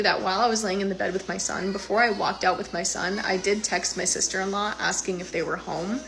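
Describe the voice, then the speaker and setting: A woman in her thirties telling her own eerie experience in a casual, animated way, acting out what people said. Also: medium pitch. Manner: animated, retelling with quoted voices and fillers. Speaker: storyteller sharing a personal experience. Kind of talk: casual first-person storytelling.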